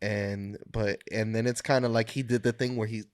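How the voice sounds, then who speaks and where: A man co-hosting a podcast in casual chat, animated and laughing often, swearing freely as he tells stories. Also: lowish voice, moderate pace, clean tone, no room sound. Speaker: podcast co-host.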